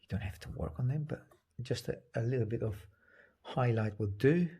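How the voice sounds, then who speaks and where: A man giving a live painting demonstration, soft-spoken, thinking aloud, and often dropping to a whisper as he works. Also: medium pitch, husky. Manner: halting, thinking aloud with restarts. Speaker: painting teacher.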